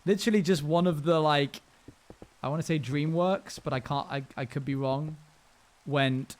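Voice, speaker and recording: A man's voice: a little high, normal speed. A young man live-streaming a game, chatting casually with his viewers in a rambling, self-amused way.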